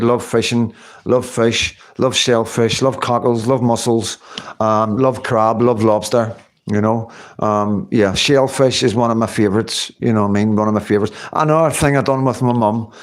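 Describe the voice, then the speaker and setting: Man, livestream host, rambling casual chat, filler-heavy, mid pitch. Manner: rambling, chatty, many fillers and tag questions.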